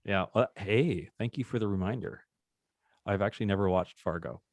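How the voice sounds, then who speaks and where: A man's voice: on the low side, moderate pace, dry recording. A man hosting a live trading session, talking through charts in a chatty, upbeat way and joking with the group. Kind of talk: casual live trading demonstration.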